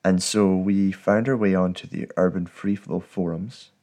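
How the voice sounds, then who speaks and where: A Scottish man in his thirties, a guest talking in a thoughtful, articulate and steady way in a casual interview. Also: deep voice, moderate pace. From Scotland. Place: at home.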